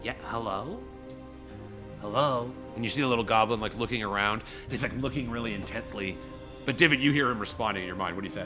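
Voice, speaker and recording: A man narrating a tabletop game as game master, animated and rambling, with many fillers. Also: lowish voice, racing, music in the background.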